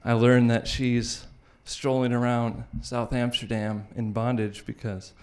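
A young man telling a personal story to an audience, wry and animated, often laughing as he goes. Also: medium pitch, unhurried.

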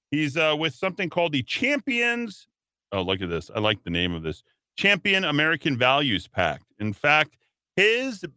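A man's voice: lowish voice, bright, forceful tone, clear, resonant tone, dry recording. A man hosting a talk radio show, riffing on the news with sarcastic, mocking asides into a studio mic.

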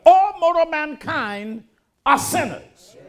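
An older man delivers a church sermon. His voice sits high and moves through a wide, animated range. He builds from folksy talk into strong, emphatic preaching. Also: slow pace.

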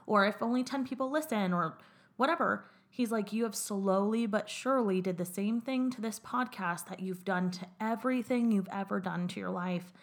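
Candid young woman podcast co-host. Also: medium pitch. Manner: candid, swearing, quotes others in run-on retellings. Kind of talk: casual podcast chat.

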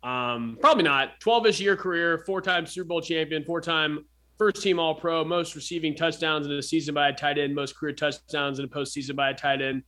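A man's voice: on the high side, fairly even intonation, brisk, pushed and bright. A man co-hosting a casual sports podcast, joking and rambling with many fillers and restarts.

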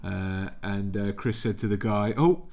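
A man's voice: fairly low pitch, little pitch movement, measured pace, vocal fry, a little mellow. A man co-hosting a casual podcast over a video call, telling rambling anecdotes and swearing freely. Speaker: podcast co-host.

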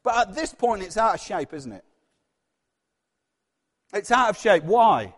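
A man's voice: sits high, big pitch swings, unhurried. A man with a Yorkshire accent preaching a conversational sermon, asking the congregation questions and acting out voices. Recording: long hall reverb.

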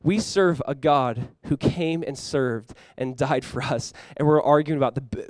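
A young adult man preaching a sermon as pastor, animated and acting out playful voices for the disciples. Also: fairly high pitch, a little slow, dry recording.

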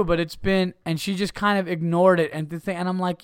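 A man with a high, brisk, clear voice and a resonant tone rants on his own podcast in a casual comedy style. He swears freely and animatedly acts out the people in his stories. The studio-quality recording has no room sound.

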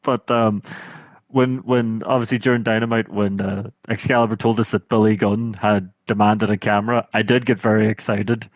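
A man's voice: fairly low pitch, moderate pace, no echo, highs cut off. A Scottish man co-hosting a podcast, chatting casually and telling stories with lots of laughter. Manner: chatty, laughs often, animated storytelling. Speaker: podcast co-host. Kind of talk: casual chat.

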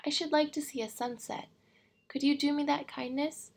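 A woman voicing The Little Prince, timid and high. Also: steady tone, moderate pace, gravelly. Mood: wondering. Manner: timid, polite, soft-spoken. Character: timid, tired small boy prince. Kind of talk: audiobook reading.

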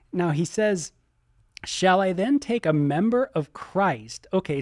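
Middle-aged man, pastor, fairly high voice, preaches in an animated, chatty way, close dry sound. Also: no room sound. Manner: animated, exclaims and voices imagined listener reactions; many ums and you-knows. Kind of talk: sermon teaching.

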